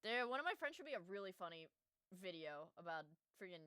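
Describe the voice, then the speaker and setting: A woman's voice: on the low side, big pitch swings, quick pace, crowd noise. A young woman streaming, reacting to a video in blunt, profane, jokey casual commentary.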